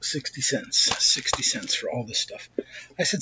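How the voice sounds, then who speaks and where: A man with a New York accent telling a profane, excitable story while showing off a shopping haul in a casual vlog. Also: medium pitch, normal speed, muffled recording, noisy background. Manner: blunt, profane, excitable, with asides and restarts.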